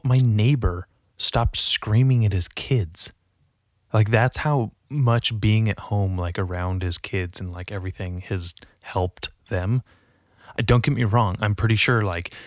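A man's voice: deep voice, no echo, clean studio sound. A young man ranting casually from his apartment, rambling and profane, mocking himself as he goes. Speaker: vlogger. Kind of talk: casual profane rant to camera. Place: apartment at home.

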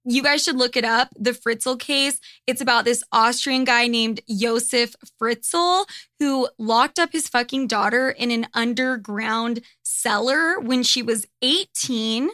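Bright, blunt woman podcaster. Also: fairly high pitch, no echo, studio quality. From United States. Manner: blunt, profane and candid. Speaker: podcast host. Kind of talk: casual monologue.

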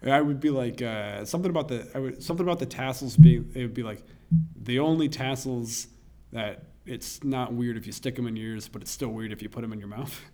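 A young man, a comedian guest in casual conversation, relaxed and chuckling, his sentences trailing off more softly. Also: mid-range voice, fairly quick. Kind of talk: casual chat.

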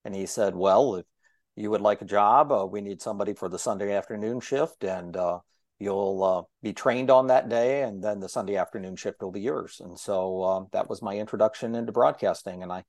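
Here a talkative guest with a long broadcasting career spins casual anecdotes, voicing the dialogue animatedly and calling himself a yapper. The lowish voice is brisk, the recording dry and of studio quality.

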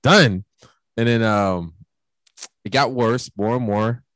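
A man's voice: lowish voice, takes it slowly, no room sound. A young man casually telling a profane party story, acting out the lines of the people in it. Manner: animated, profane storytelling that acts out quoted lines. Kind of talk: casual chat.

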